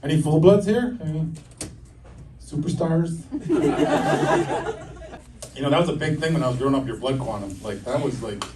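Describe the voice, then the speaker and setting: Self-mocking middle-aged stand-up comic. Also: male voice, medium pitch, a little mellow, slight background noise. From United States. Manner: self-mocking, storytelling, acts out voices. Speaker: stand-up comedian. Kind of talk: live stand-up comedy. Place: stage at a campus comedy show. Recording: distant live stage recording with audience laughter. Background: audience laughing.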